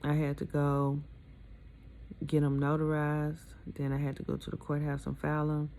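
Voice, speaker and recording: Low-voiced woman venting about her divorce. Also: monotone, normal speed, darkish tone, slight background noise. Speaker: vlogger telling her own divorce story. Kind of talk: emotional personal storytelling.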